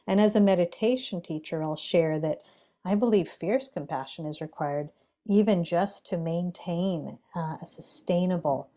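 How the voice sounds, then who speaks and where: On the low side in pitch, this woman is a meditation teacher guesting on a podcast. Her speech is measured, gentle and reflective, broken by pauses and fillers.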